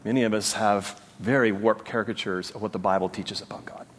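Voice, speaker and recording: A man's voice: lowish voice, fairly even intonation, brisk, a bit bright, a little hiss or hum. A man preaching a sermon as pastor, earnest and emphatic, with rhetorical questions to the congregation. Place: church sanctuary. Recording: church hall reverb.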